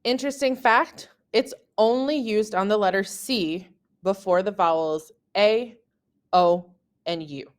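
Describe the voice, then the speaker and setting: A woman French teacher narrating a scripted lesson, saying example words slowly and carefully. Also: mid-range voice.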